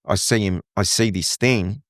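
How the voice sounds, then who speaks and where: A middle-aged man from Lebanon with a lowish voice tells his story vividly and acts out the lines he heard. The sound is close and dry, with no room around him. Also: unhurried, no room sound. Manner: animated storytelling, acting out quoted dialogue. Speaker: guest. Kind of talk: conversational interview.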